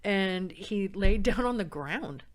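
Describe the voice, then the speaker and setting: A woman from San Diego, a podcast guest, telling a personal story and acting out the quoted voices with big jumps in pitch and loudness. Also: lively intonation, slow pace.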